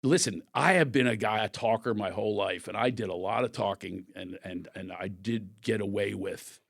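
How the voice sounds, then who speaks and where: A man's voice: lowish voice, normal speed, creaky, no room sound, studio quality. A middle-aged man from the Philadelphia area, a comedian guest telling stories and acting out voices from his life. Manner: animated, acts out voices in anecdotes. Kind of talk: storytelling interview.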